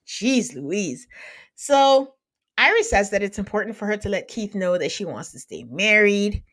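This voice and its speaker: A woman's voice: medium pitch, very animated, unhurried, fairly bright tone. Chatty woman host who laughs a lot. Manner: chatty, laughs often, teasing. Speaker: podcast host recapping a reality show. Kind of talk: casual chat.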